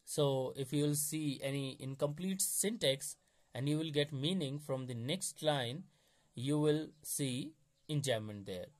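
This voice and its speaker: A man's voice: mid-range voice, a little slow. A man giving an explanatory exam-prep lecture, going over key points methodically and repeating them.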